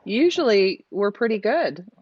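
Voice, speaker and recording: A woman's voice: medium pitch, very animated, measured pace, a little hiss or hum. A woman from Canada co-hosting a live stream, chatting and reading out viewer comments. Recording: dry, dull lo-fi stream audio.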